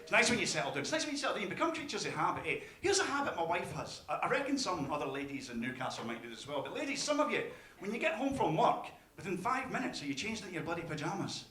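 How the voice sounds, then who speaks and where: A man's voice: high-pitched, sing-song, very fast. Scottish man doing stand-up in a roomy club. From Scotland. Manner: wry, punchy delivery with audience laughter. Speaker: stand-up comedian. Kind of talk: stand-up comedy set. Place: comedy club stage. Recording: roomy club sound with loud audience. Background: audience laughter.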